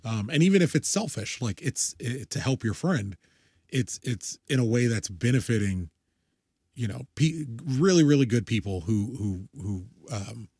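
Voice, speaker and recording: Husky-voiced man, loose podcast chat. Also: mid-range voice, expressive, a little mellow, no echo, clean studio sound. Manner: loose, swearing, quick asides. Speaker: podcast co-host. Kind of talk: casual chat.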